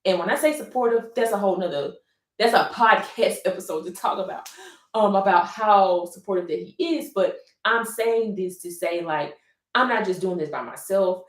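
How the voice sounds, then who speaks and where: A woman's voice: medium pitch, moderate pace. A young adult woman, an artist painting on a live stream, talking in an earnest, rambling way with many restarts. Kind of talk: casual heartfelt monologue. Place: room while painting on camera. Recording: echoey room.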